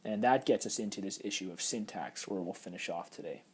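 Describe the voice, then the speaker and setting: A man's voice: fairly low pitch, brisk, darkish tone, slight background noise. A man teaching a recorded Hebrew grammar lecture, explaining patiently over slides with frequent fillers.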